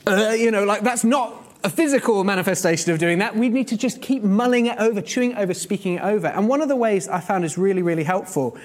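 High-voiced man preaching a sermon. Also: lively intonation, quick pace, few pauses. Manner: conversational, earnest teaching with vivid everyday examples.

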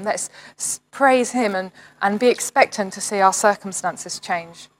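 A woman's voice: mid-range voice, a little slow, rough recording. Earnest woman preaching online. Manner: earnest, encouraging, reading scripture aloud with rising emphasis. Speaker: church leader. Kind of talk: informal online sermon.

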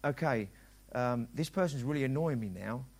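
A man's voice: mid-range voice, expressive, moderate pace, darkish tone. A middle-aged man preaching a sermon as a pastor, talking conversationally and acting out dialogue in quoted voices.

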